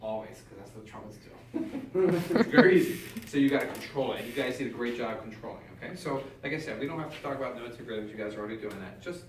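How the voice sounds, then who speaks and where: A man's voice: medium pitch, expressive, quick pace, crowd noise. A man coaching a small brass ensemble of students, giving direct, encouraging instructions and counting the players in. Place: band room. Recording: echoey room, mic far off, faint noise.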